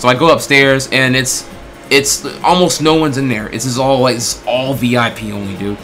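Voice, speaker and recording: A man tells a story in a loose, animated way, swearing freely and acting out what people said to him. His voice is bright and tense, and faint music plays underneath. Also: mid-range voice, a little fast. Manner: animated, swears a lot, lots of filler words; acts out quoted exchanges in bursts. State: throat getting tired. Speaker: streamer telling a story. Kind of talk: casual storytelling.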